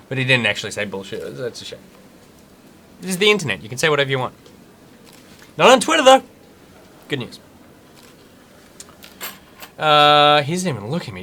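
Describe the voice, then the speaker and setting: Sharp-voiced chatty male game streamer. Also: mid-range voice, very animated, a little fast, pauses often. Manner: chatty, reads game text aloud and reacts jokily. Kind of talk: casual live gameplay commentary.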